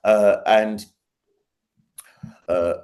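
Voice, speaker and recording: A man, a guest, telling stories in casual chat, animated and laughing, with trailing restarts. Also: lowish voice, extremely slow.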